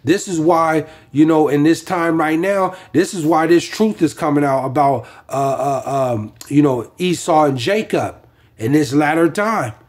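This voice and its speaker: A man's voice: a little high, unhurried. A man preaching informally from scripture, rambling with many fillers and restarts.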